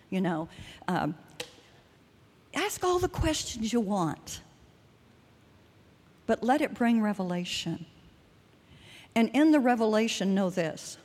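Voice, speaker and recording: An older woman preaches with earnest feeling, sharing testimony in a loose, rambling way full of restarts. Her voice sits at a middle pitch and rings out with a long hall reverb. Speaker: speaker at a church service. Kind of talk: sermon with personal testimony.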